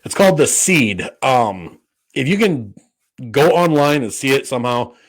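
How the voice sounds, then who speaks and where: Man, podcast co-host, casual rambling chat, fillers and restarts, swears freely, mid-pitched voice. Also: big pitch swings, moderate pace.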